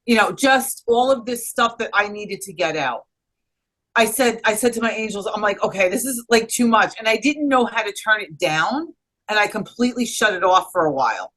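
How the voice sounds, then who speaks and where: Woman interview guest, bright and forward tone, earnest, rambling delivery with restarts. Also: medium pitch, animated, normal speed, poor audio. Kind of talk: personal storytelling in conversation.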